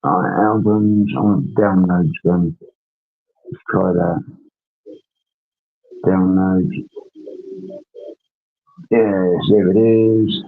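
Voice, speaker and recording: On a casual livestream, a man with a deep voice and steady tone talks very slowly, leaving long pauses. He rambles while handling tasks on screen, tagging his sentences with questions, and the audio is dull and lo-fi.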